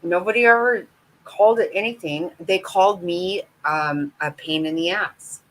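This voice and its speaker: A woman's voice: on the low side, moderate pace, fairly bright tone, rough recording. A middle-aged woman talking bluntly and candidly with her viewers in a casual live-stream chat. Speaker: vlogger chatting with viewers.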